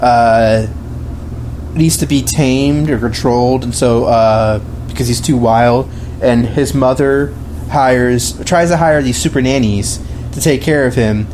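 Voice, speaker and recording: A man co-hosting a film podcast, talking in a loose, rambling way with lots of restarts and fillers. His voice is dark and mellow, at an ordinary pitch. A faint hiss of noise sits under the recording. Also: a little slow. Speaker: podcast co-host. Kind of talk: casual film discussion.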